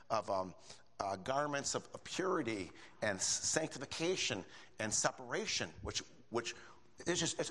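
An older man delivers a sermon with a lively, swooping voice that jumps up high for emphasis. He talks in a folksy, conversational way, full of asides to his listeners. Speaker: preacher.

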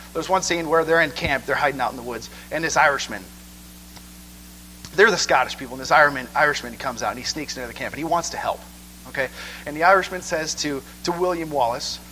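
A man preaching a sermon in church, conversational and animated, asking "okay?" again and again. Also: on the high side, a little hiss or hum, low-quality recording.

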